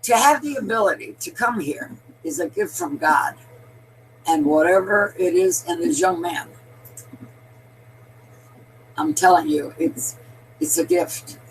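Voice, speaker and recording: A woman's voice: medium pitch, creaky, a little hiss or hum, low-quality recording. An older woman giving a rambling, emphatic political monologue, addressing listeners as her darlings. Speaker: political commentator.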